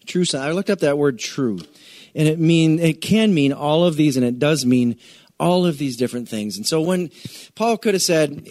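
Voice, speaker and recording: Man, middle-aged pastor, from the US, conversational sermon, joking asides, drawn-out emphasis, dry close sound. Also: a little high, expressive, no echo. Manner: chatty, joking asides, restarts sentences, stretches key words.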